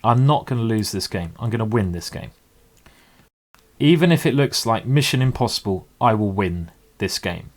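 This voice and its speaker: A man's voice: lowish voice, lively intonation, normal speed. A man commentating live blitz chess games, rambling and emotional with tipsy asides. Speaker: chess streamer.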